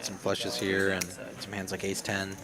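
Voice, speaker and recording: A man co-commentating a live poker game, relaxed and analytical, breaking down the hands. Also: low voice, moderate pace. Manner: relaxed, analytical, laughs easily. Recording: crowd noise behind.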